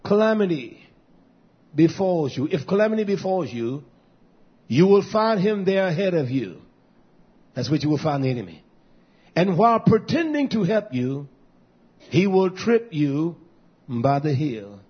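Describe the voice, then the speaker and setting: A man preaching a fiery sermon, swinging from shouts to low mutters. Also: sing-song, measured pace, pauses often, breathy edge, muffled recording.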